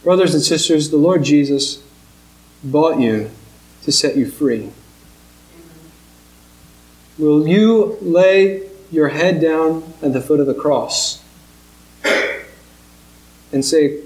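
A man preaching a sermon, telling a story earnestly with slow, emphatic pauses. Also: a little high, darkish tone. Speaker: pastor. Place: church sanctuary. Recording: echoey church room.

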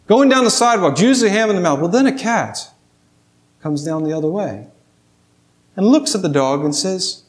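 A man's voice: high-pitched, lively intonation, normal speed, pauses often. A man preaching a sermon, telling a fable and then pressing his listeners with rhetorical questions. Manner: storytelling, rhetorical questions to the congregation.

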